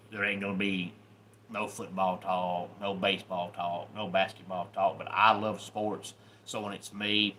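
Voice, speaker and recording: Plain-spoken man with a bright voice. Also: lowish voice, a little hiss or hum. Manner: plain-spoken, informal grammar. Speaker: family channel vlogger. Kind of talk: casual talk to camera.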